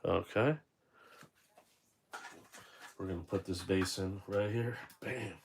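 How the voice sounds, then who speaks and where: A man's voice: sits low, slow pace, creaky, slight background noise. A man unboxing a toy figure and chatting casually, rambling and correcting himself as he tells a story.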